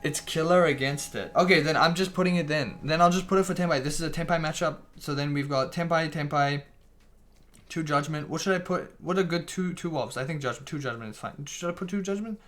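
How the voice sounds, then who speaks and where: A man's voice: a little high, brisk, fairly bright tone. A man streaming a card game, chatting casually with his viewers, restarting sentences and swearing offhandedly. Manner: swears casually, restarts a lot, reads chat aloud. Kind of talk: casual live-stream chat.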